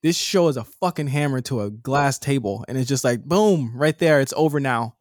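A man's voice: mid-range voice, animated, moderate pace, no room sound, studio quality. A man co-hosting a TV recap podcast, bluntly critiquing an episode and swearing freely. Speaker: podcast co-host. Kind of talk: casual TV recap chat.

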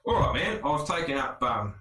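An Australian man hosting a casual podcast chat, relaxed, swearing freely and laughing often. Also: mid-range voice, moderate pace, reverberant. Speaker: podcast host.

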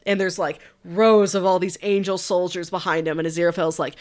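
A woman podcast co-host casually recapping a TV show, chatty and animated, laughing often. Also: fairly low pitch, a little fast.

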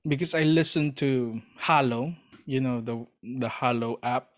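A man talks in an unhurried, drawn-out way, earnest and enthusiastic as he retells a story. He often stops mid-phrase to hunt for the right word, in a mid-pitched, ordinary voice. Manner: hesitant, searching for words. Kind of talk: casual chat.

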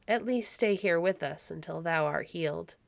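A woman reading aloud, voicing a gentle, patient old abbot in a storybook. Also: fairly low pitch, normal speed, creaky, no echo. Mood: gentle, pleading.

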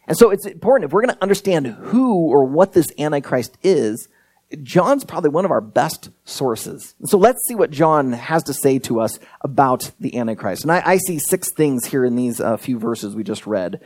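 A man with a medium-pitched, darkish voice preaches a sermon as pastor. His delivery is conversational and unpolished, full of fillers and restarts, as he builds toward emphatic points.

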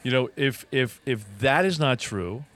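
A man in a relaxed conversation, telling a story with earnest emphasis. His pitch sits in an ordinary middle range, and he often restarts phrases before pressing a point home. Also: unhurried. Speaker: podcast co-host. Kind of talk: casual storytelling chat.

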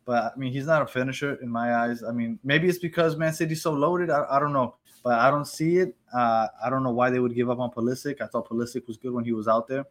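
A man's voice: medium pitch, fast talker, hardly any pauses. A man from the United States hosting a casual sports podcast in an easygoing, laid-back way. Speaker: podcast host.

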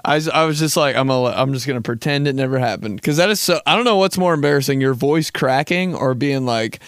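A man's voice: mid-range voice, fast, clean tone, dry recording, studio quality. A young man in his twenties hosting a podcast, joking and rambling in a laid-back, casual way and swearing often. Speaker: podcast host. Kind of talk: casual comedic monologue.

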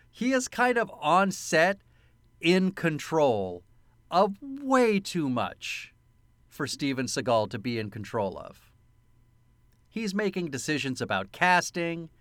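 On a casual film podcast, a male co-host with a voice on the high side tells anecdotes in a dry recording. He's animated and profane, swearing often and laughing a lot as he chats about movies.

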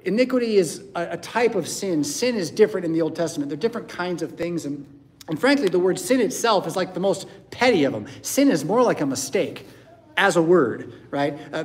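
A man's voice: fairly high pitch, darkish tone. A male pastor preaching a sermon in a church, conversational, often checking in with "right?" and "yeah?".

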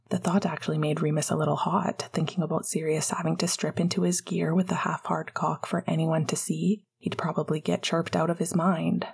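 A woman narrating a fan fiction audiobook softly, often dropping into a whisper. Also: deep voice, steady tone, normal speed, vocal fry, breathy edge.

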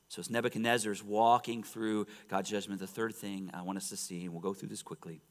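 A male pastor preaching a sermon, swinging from loud exclamations to hushed, almost whispered lines. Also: lowish voice, brisk, few pauses. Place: church sanctuary. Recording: reverberant church sanctuary.

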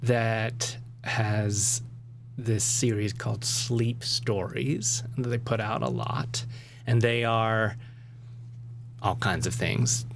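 A man's voice: fairly low pitch, fairly even intonation, slow, slight background noise. A man co-hosting a podcast in casual chat, talking emphatically with frequent laughter. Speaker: podcast co-host.

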